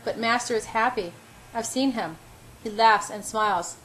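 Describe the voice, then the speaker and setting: A woman reading the lines of a fragile, unhinged young woman who murmurs in a soft, childlike sing-song. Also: on the high side, normal speed, a little hiss or hum, natural voice, rough recording. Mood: murmuring.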